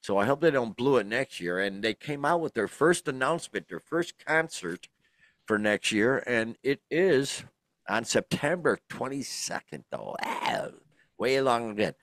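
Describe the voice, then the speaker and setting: A man's voice: mid-range voice, big pitch swings, a little slow, fairly bright tone, no room sound, studio quality. A middle-aged man, co-hosting a casual podcast and rambling through lots of fillers and restarts. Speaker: podcast co-host. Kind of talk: casual chat.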